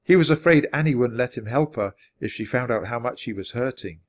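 A man with a voice of middle pitch narrating a children's chapter book. He reads at an even, natural pace and keeps the storytelling clear. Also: a little fast. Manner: steady, clear read-aloud pacing. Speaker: storybook reader.

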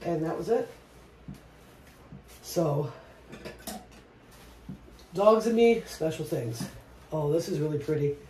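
A woman vlogger chatting casually while she paints, soft-spoken and reflective, often trailing off mid-sentence. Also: fairly low pitch. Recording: roomy echo with faint noise.

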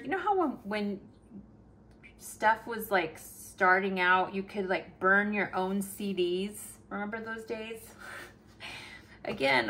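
A middle-aged woman talks casually to her viewers at home as she decorates a planner. She tells a story with lively bursts and drifts into quiet murmurs over her crafting. Faint household noise sits behind her voice. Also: medium pitch. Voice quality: animated, chatty, drops to murmurs while working. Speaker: planner vlogger.

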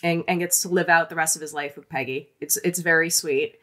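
Woman cohost rambling about a movie, lots of restarts, excited chatty energy. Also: low voice, brisk. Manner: rambling, animated, with frequent restarts. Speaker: podcast co-host. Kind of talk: casual film-review chat.

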